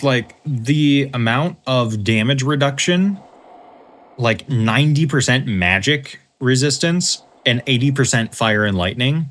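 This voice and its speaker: A man hosting a let's play, explaining game mechanics in a relaxed, casual way with dry humor. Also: mid-range voice, a little hiss or hum. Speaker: host, let's play commentator. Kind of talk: casual gameplay commentary.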